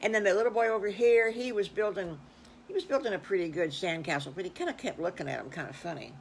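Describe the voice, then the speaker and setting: An older woman telling an improvised children's story in a folksy, rambling, animated way. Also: mid-range voice, fast talker, creaky, slight background noise, rough recording. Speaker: storyteller grandmother.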